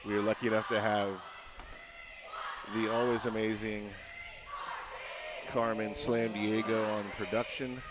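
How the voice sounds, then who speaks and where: Upbeat male derby commentator, loud crowd. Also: on the low side, little pitch movement, unhurried, long pauses. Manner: upbeat, reads lineups with shouted emphasis. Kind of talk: live sports commentary. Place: arena broadcast booth. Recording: crowd noise from the arena. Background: arena crowd.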